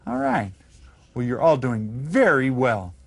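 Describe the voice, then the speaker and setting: Slow, patient man teaching children. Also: medium pitch, wildly swooping pitch. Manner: slow, clear modeling of phrases for repetition. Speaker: Spanish teacher. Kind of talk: classroom lesson for children.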